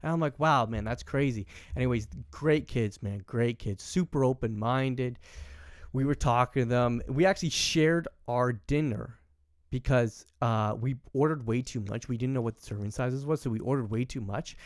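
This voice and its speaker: A man's voice: medium pitch, normal speed, dry recording. Rambling young Canadian man, dry sound. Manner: rambling, filler-heavy, animated quoting. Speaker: podcast host. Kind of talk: casual storytelling chat.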